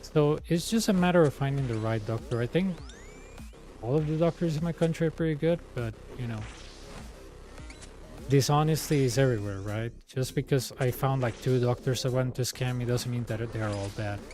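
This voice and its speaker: A man whose first language is Spanish chats casually while streaming a game, rambling through stories and restarting often. His voice is mid-range and a little mellow at a moderate pace, with faint music behind him.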